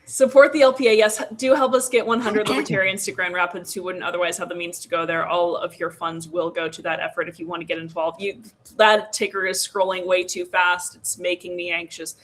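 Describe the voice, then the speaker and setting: A woman's voice: fairly low pitch, fairly even intonation, fairly quick, few pauses, fairly bright tone. A woman co-hosting a casual livestream show. She rambles and jokes through the sign-off, with plenty of ums and asides to the chat. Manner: rambling, joking, filler-heavy. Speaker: podcast co-host.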